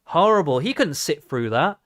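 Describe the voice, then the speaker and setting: A man's voice: a little high, big pitch swings, normal speed, fairly bright tone, dry recording, clean studio sound. A man ranting and cursing through a live reaction stream, mocking what he watches.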